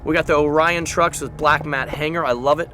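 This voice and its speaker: A young man from Southern California, a skateboarding vlogger telling stories in a chatty, animated way full of fillers. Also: fairly high pitch, brisk, background noise. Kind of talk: casual storytelling vlog.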